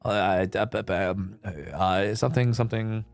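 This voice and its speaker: A man's voice: lowish voice, steady tone, unhurried, gravelly, clean tone, faint music behind. A male streamer in casual chat, laid-back and rambling with fillers, swearing and laughing often.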